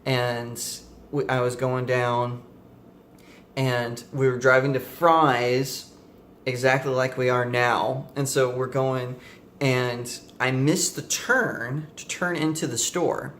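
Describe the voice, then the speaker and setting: A man's voice: mid-range voice, fairly even intonation, takes it slowly, fairly bright tone, slight background noise. Young male vlogger, casual storyteller who meanders and corrects himself, mid-range voice. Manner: rambling, many fillers and self-corrections.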